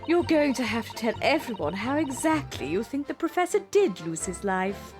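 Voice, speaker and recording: A woman voicing a composed, cryptic young woman in a game playthrough, speaking slowly and with quiet menace. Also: a little high, very animated, music in the background. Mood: poised. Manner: slow, poised and quietly menacing. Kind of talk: let's play character voicing.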